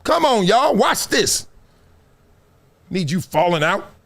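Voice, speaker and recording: A middle-aged man hosting a sports show, talking high and swooping wide as he drives his point home. He stacks short punchy phrases that climb in pitch, like a preacher building to a cry. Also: very animated, slow, creaky, a bit bright. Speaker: show host. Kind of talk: animated sports commentary.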